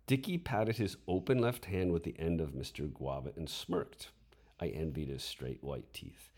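A man's voice: low voice, a little mellow. A man reading his own memoir story aloud, dramatic in delivery and voicing his inner thoughts.

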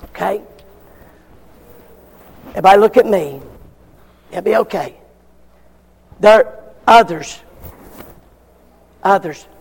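High gravelly preacher with echoing hall. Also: male voice, slow, long pauses. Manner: fervent preaching with frequent call-and-response amens. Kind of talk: sermon.

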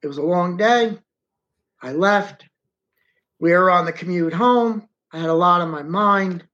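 Middle-aged male interview guest, rambling storyteller, unhurried delivery, muffled dull recording. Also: sits high, a bit bright. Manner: rambling and repetitive, recounts in present tense. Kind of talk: first-person storytelling.

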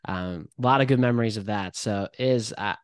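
This is a young adult man co-hosting a podcast, chatting in an easygoing, reflective way. His voice sits a little low and sounds smooth and resonant. The sound is dry and close, with no room echo. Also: moderate pace. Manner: relaxed and reflective, with many "like" and "um" fillers. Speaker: podcast co-host. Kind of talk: casual chat.

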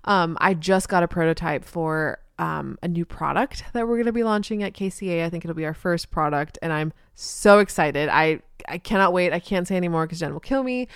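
A woman hosts her own podcast, chatting casually on her own in an upbeat way that is full of ums. Her voice sits a little low and sounds smooth and clear. The recording is dry and close. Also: brisk, hardly any pauses, no echo. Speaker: podcast host, social media marketer. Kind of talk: casual solo podcast talk. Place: podcast studio with couch and rug.

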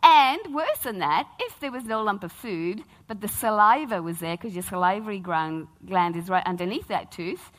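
A middle-aged woman, preaching a sermon as a lively, humorous personal story. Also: medium pitch, moderate pace, hardly any pauses. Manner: animated, humorous storytelling with acted-out quotes.

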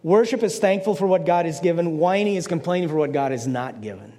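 A man's voice: a little high, lively intonation, quick pace, warm tone, long reverb tail. An older man preaching a conversational sermon as pastor, playful, slipping into mock voices to make his points.

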